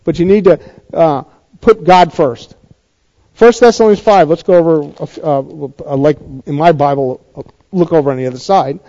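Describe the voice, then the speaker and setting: High-voiced pastor preaching conversationally. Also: male voice, moderate pace, warm tone, muffled recording. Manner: conversational preaching with rhetorical questions and emphatic rises. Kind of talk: sermon.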